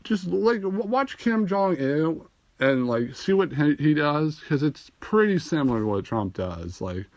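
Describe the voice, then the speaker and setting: A man's voice: a little high, very animated, measured pace, a little mellow, no echo. Rambling, profane young man doing phone comedy. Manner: rambling, profane, laughs at own jokes. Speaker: amateur comedian. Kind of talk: stand-up comedy monologue. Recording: phone recording.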